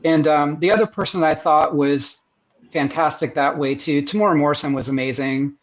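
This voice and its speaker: A man's voice: on the high side, steady tone, fairly quick, lo-fi sound, slight background noise. A man talking as a guest artist in a casual interview, enthusiastic and rambling with many restarts, heard over a video call.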